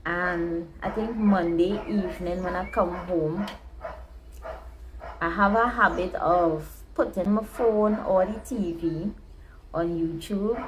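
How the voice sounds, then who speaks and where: A woman's voice: medium pitch, noisy background. A woman earnestly telling a personal story, venting her frustrations and talking about her faith. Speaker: vlogger. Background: neighborhood dogs barking.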